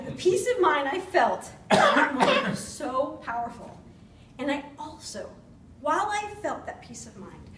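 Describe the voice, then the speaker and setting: A woman's voice: a little high, a little mellow. A woman in her forties giving an earnest, personal persuasive speech to a meeting. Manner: earnest, personal, laughs at herself. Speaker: club speaker. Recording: roomy, distant mic, faint noise.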